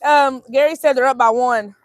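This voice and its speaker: A woman's voice: high-pitched, fairly even intonation, moderate pace, no echo, studio quality. A woman hosting a casual outdoor livestream, chatting in a matter-of-fact way and reading viewer comments aloud. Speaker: host of a homesteading livestream. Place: outdoors by a fire.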